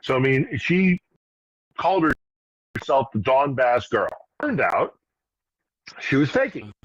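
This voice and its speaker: Man, casual political talk, rambling with restarts, mid-pitched, muffled lo-fi audio. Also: big pitch swings, slow pace, dry recording. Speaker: regular guest commentator. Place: in Ukraine.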